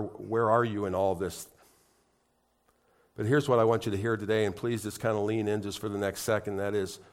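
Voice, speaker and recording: A man's voice: fairly low pitch, darkish tone. A middle-aged man preaching a sermon in church, conversational and heartfelt, building to emphatic, rising appeals. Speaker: pastor.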